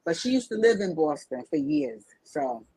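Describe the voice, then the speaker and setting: A woman from Brooklyn with a New York accent, chatting on a podcast in a relaxed, halting way with many fillers. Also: deep voice, crowd noise, poor audio. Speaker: podcast co-host. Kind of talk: casual podcast chat.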